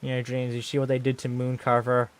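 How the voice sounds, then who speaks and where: A man streaming live, talking casually and ranting excitedly in bursts while reacting on screen. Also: mid-range voice, fairly quick.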